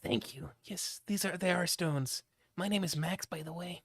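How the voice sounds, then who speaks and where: A man voicing a wry young male traveler in a hushed, breathy voice for a game. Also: sits high, moderate pace, dry recording, studio quality, pitched above the performer's own voice, full character voice. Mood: deadpan.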